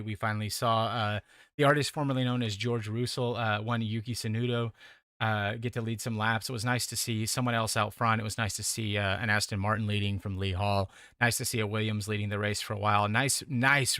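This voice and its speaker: A man with a bright, forceful voice hosts a sim racing stream. He rambles through his sign-off with lots of "uh"s and pokes fun at himself. The sound is dry and close. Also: on the low side, dry recording. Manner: rambling, self-deprecating, filler-heavy. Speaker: sim racing broadcast host. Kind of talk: casual closing commentary.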